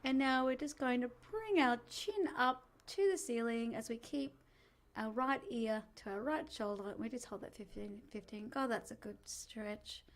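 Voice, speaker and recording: With a fairly high voice and normal speed, a woman runs a laid-back vocal warm-up lesson. She keeps things chatty and supportive, often poking fun at herself.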